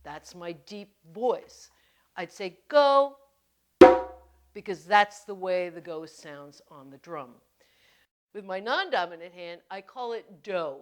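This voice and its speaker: A woman teaching hand drumming technique in an instructional video, explaining each step gently and patiently. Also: fairly low pitch, animated, unhurried, over loud music.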